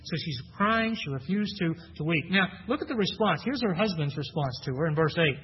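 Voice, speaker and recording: A man's voice: on the high side, lively intonation, fairly quick, husky. A man preaching a sermon, teaching through a Bible passage in a conversational way, often asking his listeners questions and repeating himself. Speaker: pastor. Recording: dull lo-fi recording with long hall reverb.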